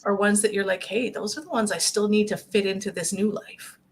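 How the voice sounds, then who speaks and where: A woman talks in an earnest, gentle way, drawing on her own life. Her voice has a gravelly, fry-tinged edge at a middle pitch. Faint noise sits under the recording. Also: fairly even intonation, fairly quick. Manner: gentle, earnest, speaks from personal experience. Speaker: guest speaker on grief. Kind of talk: conversational talk show discussion.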